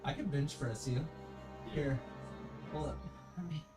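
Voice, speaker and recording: A woman's voice: deep voice, a little slow. A woman streamer in casual chat who teases, swears and laughs a lot, grunting with effort as she horses around. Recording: clear music playing behind.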